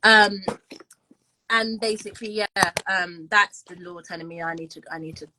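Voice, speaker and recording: A woman's voice: mid-range voice, moderate pace, heavy background noise. A young woman in her twenties with a London accent, chatting casually as co-host, rambling with lots of ums and restarts. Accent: London English. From London, England. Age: 20s. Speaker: co-host, musician. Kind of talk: casual video-call chat.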